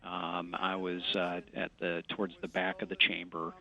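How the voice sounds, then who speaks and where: A congressman giving a remote news interview, speaking haltingly with many fillers and restarts. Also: sits low, completely flat delivery, creaky, sharp tone, low-quality recording. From West Michigan.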